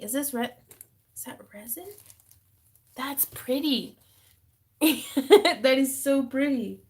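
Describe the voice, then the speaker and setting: Excitable woman chatting on a craft livestream. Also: high voice, slightly rough. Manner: excitable, gasping and laughing over gifts. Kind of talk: casual live stream chat. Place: home craft room. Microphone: phone.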